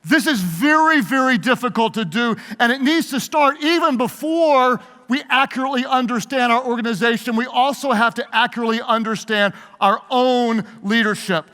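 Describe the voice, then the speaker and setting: Animated preacher in a big hall. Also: male voice, very high-pitched, normal speed, hardly any pauses. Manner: animated, call-and-response with audience. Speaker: pastor. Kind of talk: sermon-style leadership talk. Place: large hall with live audience. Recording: long hall reverb.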